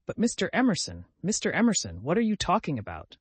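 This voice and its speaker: A prim, proper young woman, as a male reader puts her on, clipped and a touch higher and louder than his narration. The storybook sound is close and dry. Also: wildly swooping pitch, fast, husky, dry recording, full character voice. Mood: alarmed.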